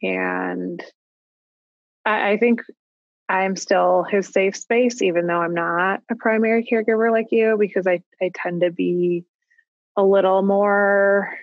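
Woman, thirties, casual parenting chat, reflective and halting, dry close sound. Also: mid-range voice, fairly even intonation, no echo, phone-quality sound. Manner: reflective, halting with restarts and likes. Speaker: guest parent. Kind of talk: casual podcast conversation.

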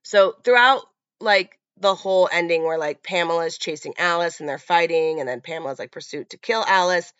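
Mujer charlando de cine, voz grave. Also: female voice, on the low side, normal speed, few pauses, a bit bright, smooth, dry recording, lo-fi sound. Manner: chatty, filler-heavy. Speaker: podcast host. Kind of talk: casual film discussion.

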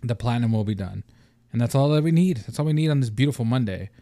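A young man hosting his own podcast in a loose, animated rant, swearing freely and doing quick mock voices. His pitch sits in the middle range. The sound is dry and close to the mic. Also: no echo. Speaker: podcast host. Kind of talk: casual solo podcast rant.

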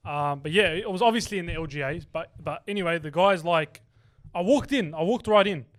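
A man's voice: on the high side, fairly quick. A young man, co-hosting a podcast with teasing, jokey banter. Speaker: podcast co-host. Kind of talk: casual chat.

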